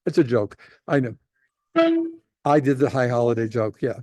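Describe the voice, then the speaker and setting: A man's voice: medium pitch, moderate pace, a little mellow, faint music behind. A man, a rabbi, teaching a casual class, telling jokes and rambling with lots of restarts.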